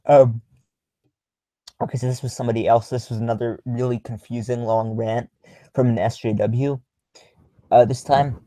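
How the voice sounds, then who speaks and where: A young man talks loosely on a livestream, reacting to viewer comments. His speech is halting and full of ums, with an ordinary middle pitch. The recording is close and dry, with no room sound. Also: flat delivery, warm tone, dry recording, low-quality recording. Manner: halting, many filler ums, chuckles while reading. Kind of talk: casual livestream chat.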